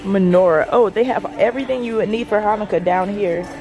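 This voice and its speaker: A woman's voice: mid-range voice, brisk. A woman vlogging as she browses a large store, gushing over products and talking to her viewers. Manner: gushing, excitable, addresses viewers as y'all. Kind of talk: shopping vlog narration.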